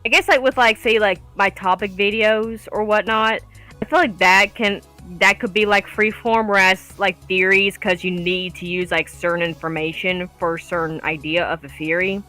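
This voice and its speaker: A woman's voice: medium pitch, fairly even intonation, normal speed, bright, forceful tone, soft background music. A woman with a Texan-sounding accent chatting casually as a YouTube commentator, rambling and full of fillers. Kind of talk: casual podcast chat.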